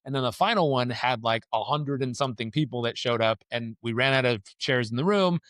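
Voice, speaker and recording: A man telling stories as a guest on a podcast interview, lively and acting out the people in his stories. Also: mid-range voice, a little fast, no room sound, studio quality. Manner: animated storyteller who acts out the people in his stories.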